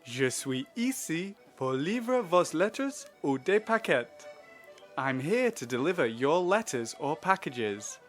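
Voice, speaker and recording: A man playing a pompous narrator of a language-learning tape who reads slowly and very formally. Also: fairly high pitch, big pitch swings, a bit bright, soft background music, full character voice. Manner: slow, overly formal instructional reading.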